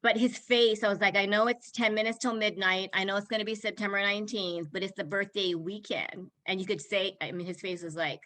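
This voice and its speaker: Bright-voiced chatty woman host. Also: mid-range voice, fairly even intonation, fairly quick, few pauses, low-quality recording. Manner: chatty, laughing, emotional asides. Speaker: summit host. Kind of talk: casual online video chat.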